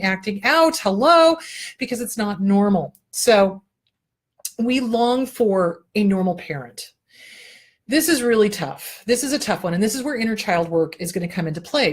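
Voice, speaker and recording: A woman talks straight to her listeners in an advice show, blunt and unfiltered. She swears freely and drops into little voices when she tells a joke. Her pitch sits in the middle for a woman. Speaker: therapist and show host. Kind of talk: candid advice talk.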